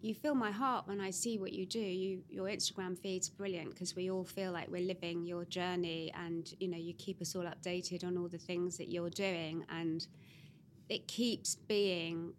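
A woman's voice: on the low side, fairly even intonation, normal speed, a little hiss or hum. A woman hosting a podcast, closing an interview with effusive praise for her guest. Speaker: podcast host. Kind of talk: interview wrap-up.

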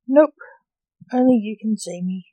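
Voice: medium pitch, a little slow, dark tone, no room sound, lightly acted. A reader voicing a taunting Grim Reaper. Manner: teasing, taunting.

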